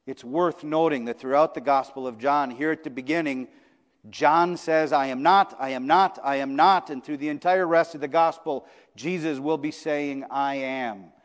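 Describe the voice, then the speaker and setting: A male pastor giving a sermon in a conversational preaching style, repeating phrases for emphasis. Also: medium pitch. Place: church sanctuary. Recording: long church reverb.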